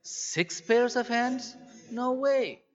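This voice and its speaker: A man voicing a gentle, fretting male angel who questions his maker, heard in a dull recording with a long hall echo. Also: a little high, huge pitch swings, normal speed, full character voice. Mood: incredulous. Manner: doubtful, questioning.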